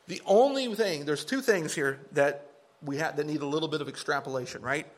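A man preaching a sermon to a congregation, emphatic and animated, sometimes mocking the views he argues against. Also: on the high side, brisk.

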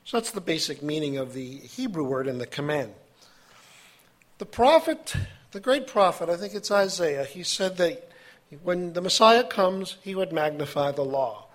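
A man preaching a sermon, reading scripture aloud with his own asides and halting now and then. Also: a little high, lively intonation. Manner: halting, with fillers and self-corrections.

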